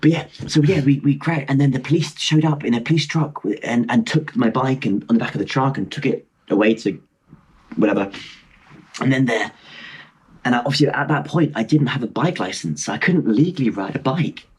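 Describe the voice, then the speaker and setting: A man in his twenties from Britain, a podcast guest rambling excitedly through travel anecdotes with frequent laughter over a video call. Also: mid-range voice, a little fast, breathy edge. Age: 20s. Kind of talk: casual storytelling chat.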